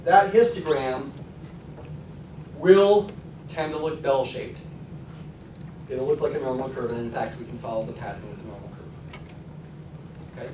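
A man's voice: mid-range voice, unhurried, pauses often, far from the mic, noisy background. Man lecturing in an echoey classroom. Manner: conversational, frequent "okay?" check-ins. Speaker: college statistics lecturer.

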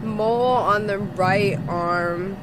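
A woman's voice: mid-range voice, slow, very noisy. A woman streamer commentating on a horror game, frightened, screaming and swearing as she plays. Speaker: gaming streamer.

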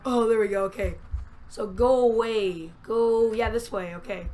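A woman giving chatty let's-play commentary, narrating every move to herself and getting excitable. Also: on the high side, unhurried. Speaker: gamer.

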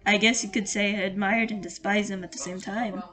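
A woman's voice: mid-range voice, fairly even intonation, fairly bright tone, close to an everyday voice. A woman reading as a formal male therapist. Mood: measured. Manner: polite, measured, formal reading.

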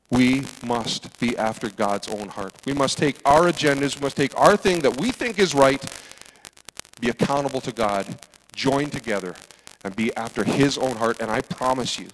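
A man preaching a sermon as pastor, acting out dialogue with big swings from loud to hushed. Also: medium pitch, normal speed, a little hiss or hum, low-quality recording.

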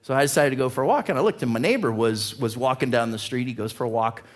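A man preaching a sermon as a pastor, telling a personal story in an animated way, his voice climbing as the tale builds. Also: medium pitch, quick pace. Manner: animated storyteller, voice rising with excitement. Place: church.

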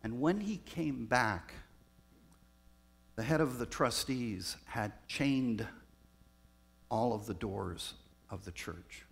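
A man, a pastor raised in Southern California, telling personal stories in a reflective sermon with pauses. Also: lowish voice, creaky, breathy edge. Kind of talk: storytelling sermon.

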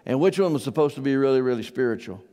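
A man's voice: mid-range voice, expressive, fast, warm tone, long reverb tail. A man preaching a sermon as pastor, conversational and asking his congregation questions. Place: church hall.

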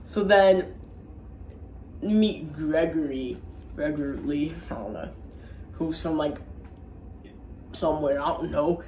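This young reviewer's voice sits on the high side with a darkish tone, and he takes it slowly with long pauses. He recaps a movie casually from home, rambling, joking in slang and putting on silly voices, in an echoey room with faint noise.

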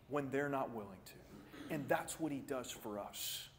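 A man preaching a sermon as pastor, earnest and animated, jumping up in pitch for emphasis and then dropping quiet, often repeating words as he starts a thought. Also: a little slow, slight background noise. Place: church sanctuary. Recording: church sanctuary with long reverb.

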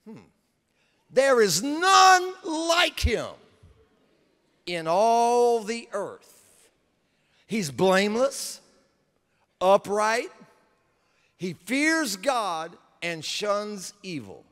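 A preacher voicing a slow, solemn God. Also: male voice, high-pitched, sing-song, fairly bright tone, big-room sound, heavily acted. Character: calm, commanding male God.

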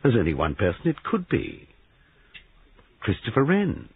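An excitable young husband who runs a guesthouse, as a man reads him in an audiobook, hesitant and quick to worry. His voice is low and husky, and the recording sounds thin and dry. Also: no echo, full character voice. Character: young newlywed male guesthouse owner, excitable. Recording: tinny band-limited recording.

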